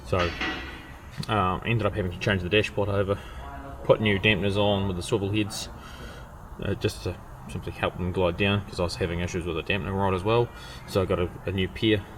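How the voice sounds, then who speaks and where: A man with a croaky voice from a cold, talking plainly and methodically through car repairs in a casual workshop vlog. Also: low-pitched, fairly even intonation, a little fast, a little hiss or hum. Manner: plain, methodical technical talk with fillers. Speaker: mechanic and channel host.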